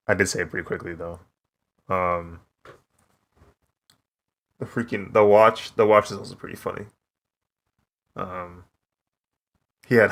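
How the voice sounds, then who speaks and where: Young male streamer, relaxed and chatty, low-ish voice, talks while he draws. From United States. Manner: laid-back, laughs often, says "bro". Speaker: streaming artist. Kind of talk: casual chat while drawing on stream.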